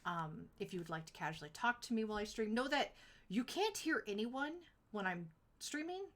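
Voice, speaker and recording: On her live stream, a young adult woman speaks in an animated, mid-range voice that's a bit bright. She rambles through stories in a relaxed way, peppered with "like" and fast laughs.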